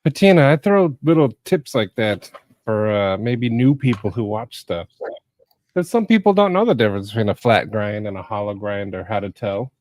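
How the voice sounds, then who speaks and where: Low-voiced man chiming in on a stream. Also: animated, darkish tone, no room sound. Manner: quick asides, talks over others. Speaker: stream guest. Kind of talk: casual chat.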